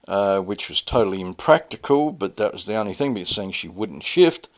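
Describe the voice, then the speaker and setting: A man's voice: fairly low pitch, lively intonation, a little fast. A middle-aged man telling a personal story in a vlog, rambling and aggrieved, often heated. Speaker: vlogger. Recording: dull lo-fi audio.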